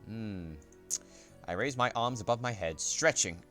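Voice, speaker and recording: A man streaming himself as he reads a visual novel aloud, narrating in the first person in a soft-spoken, unhurried way. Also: on the low side, faint music behind.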